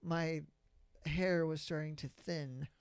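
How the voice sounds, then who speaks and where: A man in his thirties co-hosting a podcast, telling stories in a relaxed, drawn-out way. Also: a little high, very noisy. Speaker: podcast co-host. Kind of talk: casual chat.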